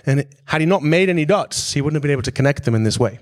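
A man's voice: fairly high pitch, expressive, very fast. A man giving a business presentation in a direct, conversational way. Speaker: speaker giving a business talk.

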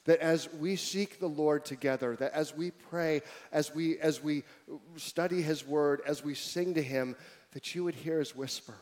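A man preaching a sermon to a congregation, joking with the crowd at times and then dropping to a hushed, intimate tone. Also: fairly high pitch, fairly even intonation, unhurried. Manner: swings from loud emphatic preaching to hushed near-whisper; humorous asides to the congregation. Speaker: pastor.

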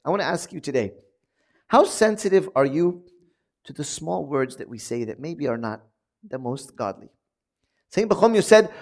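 A man, a priest, preaching a sermon with animated swings from loud emphatic lines to quiet asides, acting out quoted voices and repeating phrases for emphasis. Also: fairly high pitch, normal speed.

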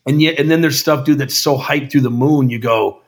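A man's voice: mid-range voice, brisk. A man who makes films, talking casually on a podcast, swearing freely and calling the other man dude and brother. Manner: profane, calls listener dude and brother. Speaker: filmmaker guest.

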